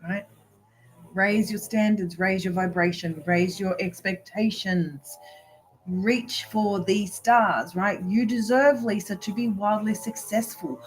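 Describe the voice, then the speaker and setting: A woman's voice: mid-range voice, slow pace, a little hiss or hum, low-quality recording. Emphatic woman coaching on a live video. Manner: emphatic and preachy, with a repeated "right?"; giggly, with frank swearing. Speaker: spiritual business coach.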